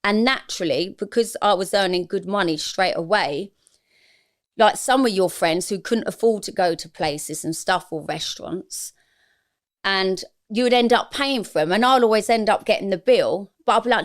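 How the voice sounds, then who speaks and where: Interview guest: woman, 40s, candid and confessional, average pitch. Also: normal speed. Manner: frank, emotional, confessional.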